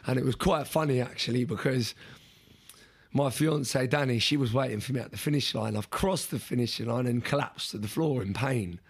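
A man in an interview chatting through a personal story with a slightly husky, breathy voice at an ordinary pitch. He talks casually and with animation, often doubling up words and restarting his sentences as he goes. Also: a little fast. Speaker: interview guest.

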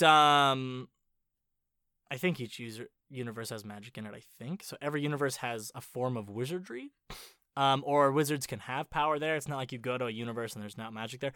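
A man's voice: fairly high pitch, sharp tone, clear, resonant tone, no room sound, clean studio sound. A man in a casual rambling book chat, sounding out odd names aloud and swearing as he goes.

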